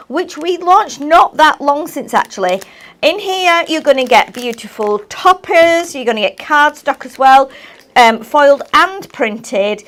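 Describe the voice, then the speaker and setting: A woman hosting a live craft demo. She chats in a friendly way and often adds tag questions and fillers. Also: high-pitched. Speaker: craft show host. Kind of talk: live product demo chat.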